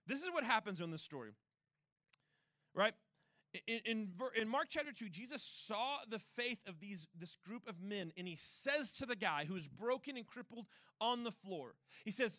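A man's voice: very high-pitched, moderate pace, no echo. A male pastor preaching a sermon, telling stories with rhetorical questions. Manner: animated storytelling with rhetorical questions. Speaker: church pastor.

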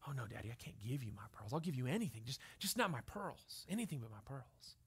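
A man voicing a small four-year-old girl who pleads in a soft half-whisper. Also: medium pitch, big pitch swings, fast, husky, full character voice. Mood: pleading. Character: little girl, about four, sweet and pleading.

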